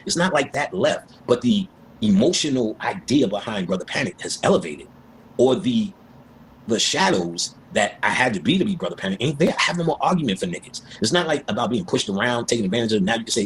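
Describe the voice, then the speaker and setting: A man's voice: mid-range voice, quick pace, a little hiss or hum. A man telling stories and talking about spiritual ideas in a casual way, acting out the voices of the people he quotes. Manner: animated, acts out voices in quotes. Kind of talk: casual storytelling and spiritual talk.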